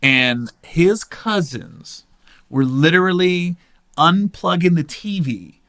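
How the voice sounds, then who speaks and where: A man's voice: on the high side, slow. A man in his forties hosting a podcast, telling a story in casual chat and swearing freely. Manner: animated, acts out other people's voices in quotes, swears freely. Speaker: podcast host.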